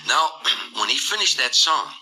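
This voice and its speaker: A man's voice: a little high, big pitch swings, unhurried, pushed and bright, poor audio. An older man telling a vivid, dramatic story in an interview, acting out the quotes as he goes. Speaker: performer recounting a tour.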